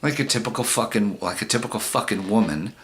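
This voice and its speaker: A man's voice: lowish voice, quick pace. A man in a vlog telling a personal story in a casual, profane way and acting out the dialogue. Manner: animated, profane, acts out the dialogue. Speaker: vlogger.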